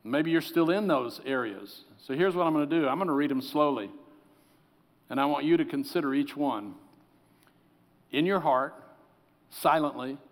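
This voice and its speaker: A man preaching a sermon as pastor, earnest, sometimes dropping to soft, pleading tones. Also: on the high side, normal speed, pauses often. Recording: long hall reverb.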